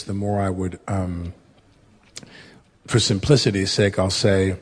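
Low raspy guy in his 50s, rambling, lots of ums and restarts, studio interview. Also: a little mellow. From United States. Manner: rambling, many fillers and self-corrections. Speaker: actor and interview guest. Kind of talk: candid conversational storytelling.

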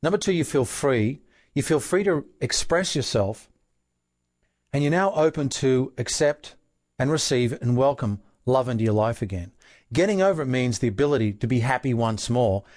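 A man's voice: medium pitch, lively intonation, moderate pace, a little mellow, dry recording. Earnest Australian man, dry studio sound. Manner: earnest, asks rhetorical questions. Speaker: self-help author and relationship coach. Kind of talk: explanatory self-help talk.

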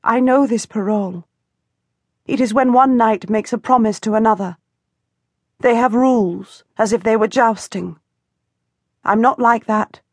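A woman's voice: a little high, a little slow, pauses often, darkish tone, dry recording, pitched above the performer's own voice. A woman voicing a young peasant girl in an audiobook, blunt and earnest. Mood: defiant. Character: defiant peasant girl of eighteen, plain-spoken. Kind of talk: audiobook character voice.

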